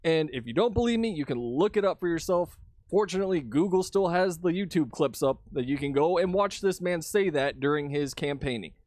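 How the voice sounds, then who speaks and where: A man's voice: a little high, expressive, a little fast, darkish tone, dry recording, studio quality. A young Texan man giving a heated, profane political rant to his camera. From Texas. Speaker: vlogger.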